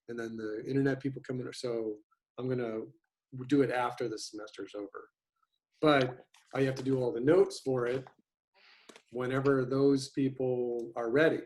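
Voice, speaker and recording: A man's voice: mid-range voice, darkish tone. Man, fifties, animation teacher, casual, rambling with fillers, video call mic. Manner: rambling, halting, many fillers.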